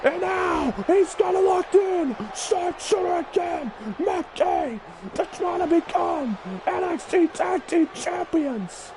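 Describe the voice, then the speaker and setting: A man calling a wrestling video game match play-by-play, excitable and often shouting. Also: very high-pitched, slow pace, hardly any pauses, background noise. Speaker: gaming channel host.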